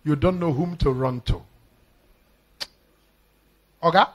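Commanding Nigerian preacher, fairly high voice. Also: male voice, slow pace, low-quality recording. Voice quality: commanding, emphatic, repeats phrases. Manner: breaks into loud shouted declarations. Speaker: pastor. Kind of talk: live prophetic sermon.

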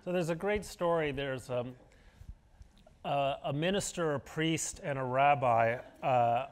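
A middle-aged man being interviewed onstage, his voice sitting a little high for a man. He tells his stories with relish and argues his points emphatically. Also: measured pace. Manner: storytelling, emphatic, argumentative. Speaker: guest columnist. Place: auditorium stage before an audience.

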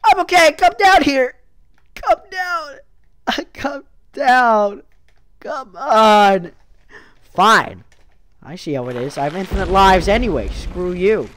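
Excitable woman gaming commentator. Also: mid-range voice, unhurried, dry recording. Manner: excitable, yelps and whoops, mild cursing. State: losing her voice. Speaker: gaming YouTuber. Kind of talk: let's play commentary.

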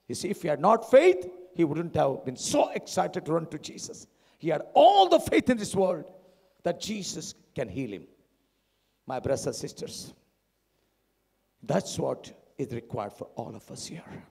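A man preaching a sermon in a church, dramatic, swinging between loud shouts and hushed tones. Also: fairly high pitch, sing-song, unhurried, vocal fry, pauses often, slightly rough. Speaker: lay preacher. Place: church hall. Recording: long hall reverb.

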